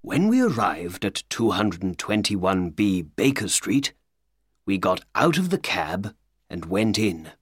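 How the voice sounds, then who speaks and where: Slow, expressive male storyteller. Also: low-pitched, no room sound. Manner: slow, clear, expressive reading. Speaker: audiobook narrator. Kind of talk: scripted narration of a graded reader.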